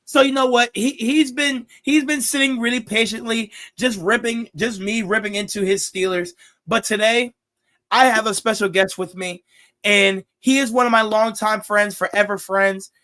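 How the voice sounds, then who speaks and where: Young male host, high-pitched, loud excitable ranter, casual sports talk. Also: normal speed. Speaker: podcast host.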